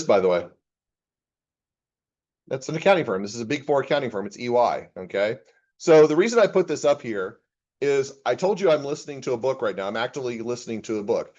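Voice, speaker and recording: A man's voice: medium pitch, darkish tone, muffled recording. A man, an accounting professor, giving a casual classroom lecture and reading chatbot replies aloud with his own comments.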